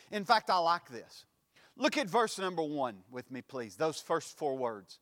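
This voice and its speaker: A male pastor preaching a sermon, with a preaching cadence that swells into sudden loud emphatic lines. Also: a little high, sing-song, a little slow, big-room sound.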